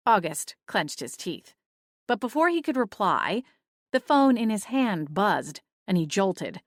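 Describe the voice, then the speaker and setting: A woman reading first-person audiobook narration in a steady storytelling manner. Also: medium pitch, measured pace, no room sound, clean studio sound.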